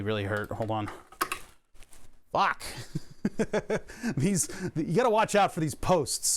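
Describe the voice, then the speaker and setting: A man live-streaming as he assembles a racing wheel setup. He chats casually, jokes about himself and swears when he hurts his hand. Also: medium pitch. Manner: joking, self-deprecating, swears when hurt. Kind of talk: casual live-stream chat while building hardware.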